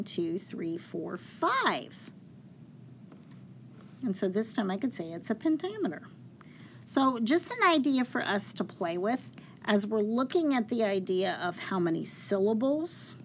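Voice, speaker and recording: A woman teaches a poetry lesson at an unhurried pace, walking through each step patiently and counting syllables out loud. Her pitch sits in an ordinary middle range, and a faint hum of room ambience runs underneath.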